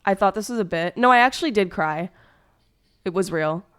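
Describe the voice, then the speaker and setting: A woman's voice: medium pitch, lively intonation, brisk, a bit bright, clear, resonant tone. A young woman streamer chatting casually, telling a hurt story in a rambling way, with many fillers and restarts.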